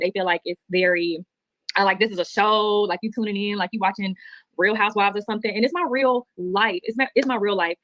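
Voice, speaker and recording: Woman, emotional livestream monologue, rapid delivery, dull dry replayed audio. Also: medium pitch. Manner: chatty, heartfelt, rambling.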